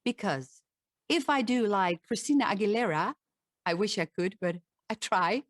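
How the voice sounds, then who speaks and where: A woman's voice: animated, normal speed, no room sound, studio quality. A woman with a Dutch accent, a voice coach giving a talk and demonstrating vocal sounds. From Netherlands. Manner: demonstrative, shifts pitch to show examples.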